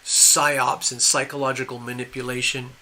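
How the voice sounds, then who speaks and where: A man's voice: mid-range voice, flat delivery, normal speed, bright, forceful tone. An older man hosting a live stream, giving opinionated, rambling commentary with frequent restarts. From USA. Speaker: host.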